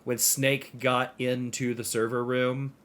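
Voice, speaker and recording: A man's voice: medium pitch, little pitch movement, takes it slowly, a bit bright. A man co-hosting a casual video game podcast, speaking hesitantly with frequent fillers. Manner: hesitant, lots of likes and restarts. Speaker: podcast co-host.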